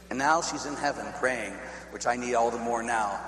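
A Catholic priest from Pittsburgh in the United States, preaching a sermon in a chatty, animated storytelling way with laughing asides. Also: male voice, medium pitch, fairly quick. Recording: echoey hall, faint hum.

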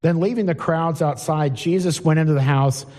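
A warm, somewhat high voice at a moderate pace belongs to a middle-aged preacher addressing a congregation in a church hall, where long reverb trails his words. His sermon is informal: he reads from scripture and asks the room simple questions.

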